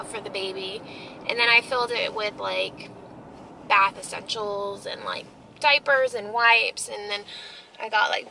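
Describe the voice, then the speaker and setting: A woman's voice: a little high, vocal fry, pushed and bright, a little hiss or hum, rough recording. A young woman telling a heartfelt story in a casual family vlog, rambling with many fillers. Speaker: family vlogger.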